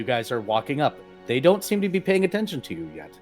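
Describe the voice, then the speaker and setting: A man's voice: medium pitch, huge pitch swings, soft background music. A man narrating a tabletop game as game master, describing scenes and voicing arguing figures. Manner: voices arguing figures in quick succession.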